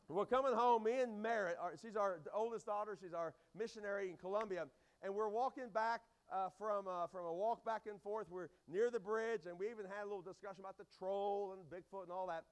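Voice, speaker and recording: Energetic high-voiced male preacher. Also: smooth. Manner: energetic, loud and rambling with many restarts. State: strained voice from days of preaching. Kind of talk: sermon with storytelling. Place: church hall.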